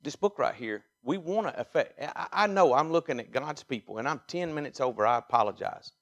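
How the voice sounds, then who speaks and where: A man with a Mississippi drawl preaches from the pulpit. His voice sits at an ordinary middle pitch, and he moves between hushed asides and forceful, rising exhortation. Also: lively intonation, fairly quick. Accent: Southern US, Mississippi. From Mississippi, USA. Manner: emphatic preaching, swinging from quiet asides to loud exhortation. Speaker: pastor. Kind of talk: sermon.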